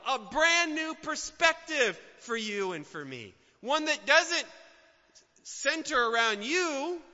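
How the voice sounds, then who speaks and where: A man preaching a sermon as a pastor, swinging between loud emphatic outbursts and quiet, soft asides. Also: very high-pitched. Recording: dull sound with long hall reverb.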